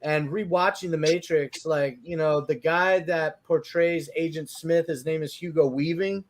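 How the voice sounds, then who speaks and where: A man's voice: fairly high pitch, unhurried. A man co-hosting a casual podcast chat, rambling and swearing as he talks. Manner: rambling, profane, excitable. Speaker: podcast co-host.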